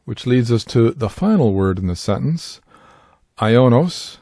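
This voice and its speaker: A man giving a scripted Bible word study, speaking in a measured, deliberate way and pronouncing Greek terms with care. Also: mid-range voice, sing-song, mellow, breathy edge, no echo, clean studio sound. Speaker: Bible teacher.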